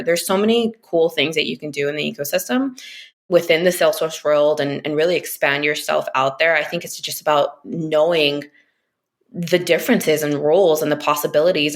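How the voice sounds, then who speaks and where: A woman speaking as a podcast guest in a casual interview chat, talking quickly with frequent fillers and easy laughter. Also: deep voice, gravelly. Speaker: podcast guest, business analyst.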